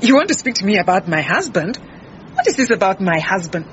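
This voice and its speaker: An actress playing an indignant, defensive head cook in a radio drama. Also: female voice, mid-range voice, sing-song, fairly quick, dull audio, slight background noise, natural voice. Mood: brusque. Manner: brusque, indignant.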